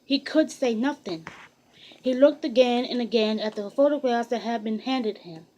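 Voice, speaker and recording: A woman narrates a biography in a steady, even storytelling voice. Her pitch sits somewhat high, and she occasionally restarts a phrase. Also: moderate pace, low-quality recording. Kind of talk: audiobook reading of a biography.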